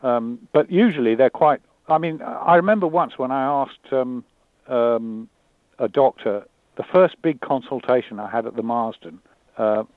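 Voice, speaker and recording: A man talking candidly and thoughtfully, often pausing and repeating words as he searches for them. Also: medium pitch, no echo. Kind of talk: candid conversation. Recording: dry tinny phone-like line.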